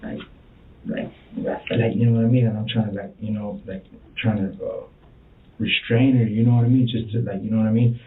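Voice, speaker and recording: A man's voice: on the low side, steady tone, recorded from a distance. Rambling man in a tinny echoey room. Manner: rambling, halting, full of fillers and swearing. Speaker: murder suspect being questioned. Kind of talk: interrogation confession. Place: police interview room. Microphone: room recording from a distance.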